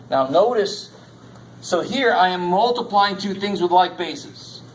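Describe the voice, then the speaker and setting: A man's voice: on the high side, slight background noise, low-quality recording. Joking, irreverent male math lecturer. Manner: jokey, irreverent, swears casually. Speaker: math instructor. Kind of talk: classroom lecture. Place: classroom.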